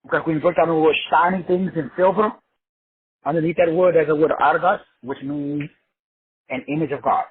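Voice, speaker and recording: Casting: high, husky-voiced man from Texas, slangy motivational preacher, lo-fi call audio. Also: fairly even intonation, fairly quick. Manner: emphatic, repetitive, slangy and profane. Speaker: teacher leading an online call. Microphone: online call. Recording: phone-like lo-fi audio.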